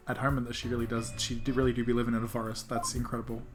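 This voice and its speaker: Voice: mid-range voice, little pitch movement. Streamer rambling through a story game, laughy and sweary, backing music. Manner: laughing, swearing, quick offhand remarks. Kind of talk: casual game-playing chat.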